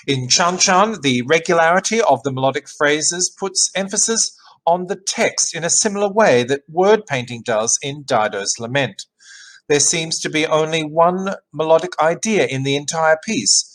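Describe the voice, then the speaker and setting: A man reading a written music analysis aloud in an even, measured way, as a teacher. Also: a little high, low-quality recording. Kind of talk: read-aloud academic narration.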